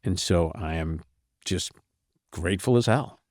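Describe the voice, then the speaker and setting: A middle-aged man, talking as a writer guest in a relaxed, wry interview, laughing often as he tells stories. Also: low-pitched, measured pace, no echo, clean studio sound. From Boston. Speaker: novelist and screenwriter guest.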